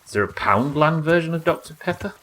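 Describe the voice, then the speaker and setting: Excitable, sweary gamer man. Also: a little high, a little fast. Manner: excitable, sweary, talking to himself. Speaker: streamer. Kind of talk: live gameplay commentary.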